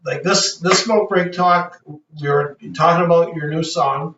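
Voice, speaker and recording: A man's voice: on the high side, fairly even intonation, a little slow, a bit bright. A man in a band, chatting casually and rambling about rock bands and songs. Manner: laid-back, music-buff rambling. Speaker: band member co-host. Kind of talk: casual chat. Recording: echoey, distant, dull.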